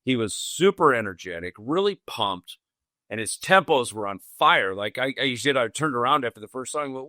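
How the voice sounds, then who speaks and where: A man's voice: mid-range voice, expressive, moderate pace, sharp tone, no room sound. A man hosting a podcast, recounting a memory in a loose, rambling way full of "you know" asides. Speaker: podcast host. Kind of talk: casual conversational storytelling.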